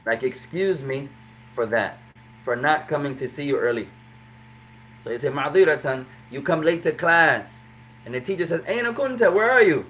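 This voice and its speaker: A man teaching an Arabic class in English, explaining phrases slowly and repeating them. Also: medium pitch, a bit bright, a little hiss or hum. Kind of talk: classroom lesson.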